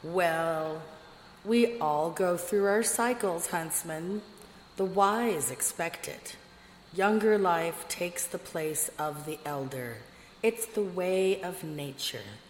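A woman reading a storybook, voicing a wise older queen who speaks calmly and with amused composure. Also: on the low side, takes it slowly. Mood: serene. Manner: calm, amused, philosophical. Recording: echoey room with long reverb, faint noise.

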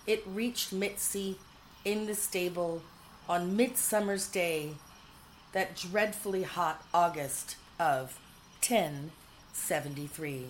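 A woman narrating a whimsical storybook in a measured, dryly humorous way. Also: medium pitch, slight background noise, poor audio.

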